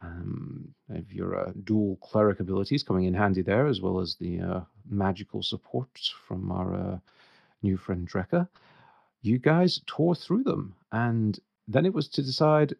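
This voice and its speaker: A man's voice: fairly low pitch, moderate pace, vocal fry, dry recording. A man, hosting a podcast as dungeon master and recapping the last session with frequent hesitations. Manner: hesitant, lots of uh fillers. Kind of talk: recapping a tabletop game session. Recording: dull, slightly lo-fi podcast audio.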